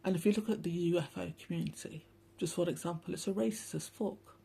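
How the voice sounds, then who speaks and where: A woman's voice: fairly low pitch, fast, gravelly, mellow, breathy edge. A woman hosting a rambling, casual spiritual monologue, talking bluntly, swearing often and turning sarcastic. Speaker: spiritual channel host.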